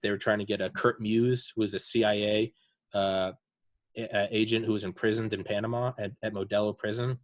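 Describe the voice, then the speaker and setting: A man's voice: fairly low pitch, little pitch movement, fairly quick, no echo. A man hosting a casual podcast chat, retelling veterans' war stories in a rambling way with lots of fillers. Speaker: podcast host.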